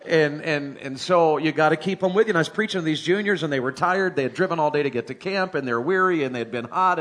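Folksy, higher-voiced man preaching. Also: fairly bright tone. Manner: folksy, humorous, rising to emphatic climaxes. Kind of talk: sermon.

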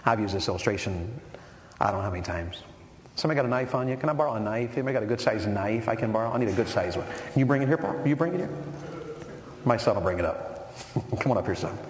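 A man preaching a sermon to a men's meeting, firing rhetorical questions and building to forceful emphasis. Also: fairly low pitch, animated, quick pace. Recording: echoey hall with long reverb and faint noise.

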